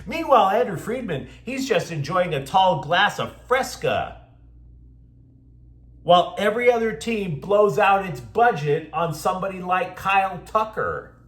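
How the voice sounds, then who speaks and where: A man's voice: high-pitched, very animated, measured pace, a bit bright, reverberant. A man hosting a sports show, delivering scripted commentary with sarcastic, mocking asides.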